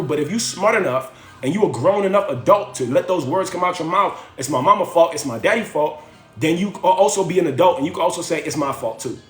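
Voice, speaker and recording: Fast-talking high-voiced man preaching motivation. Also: echoey room. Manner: preachy, slangy, rhetorical, repeats phrases. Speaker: livestream host. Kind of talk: motivational livestream talk.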